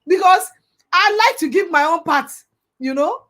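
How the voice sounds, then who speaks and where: Fiery Nigerian woman, high voice. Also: lively intonation, unhurried, fairly bright tone. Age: young adult. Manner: passionate, preachy, mixes in pidgin. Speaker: vlogger. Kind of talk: impassioned commentary monologue.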